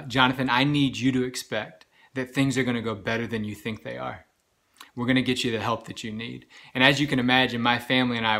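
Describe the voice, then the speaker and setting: A man giving an earnest, halting personal health update while recovering from serious illness, with many pauses and restarts. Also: medium pitch, pushed and bright. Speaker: vlogger sharing a health update. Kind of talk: personal storytelling.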